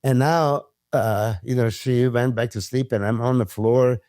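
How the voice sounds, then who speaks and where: A man, a podcast guest telling stories in casual chat, animated, swearing freely and acting out what others said. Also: medium pitch, a little slow, dry recording, studio quality. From Serbia. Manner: animated storyteller who swears freely and acts out quotes. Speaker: podcast guest, former pro bodybuilder.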